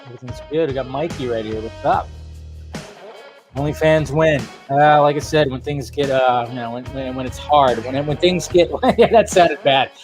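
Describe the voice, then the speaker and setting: A man's voice: medium pitch, normal speed, soft background music. A man hosting a casual live stream, greeting viewers by name and rambling in a jokey way.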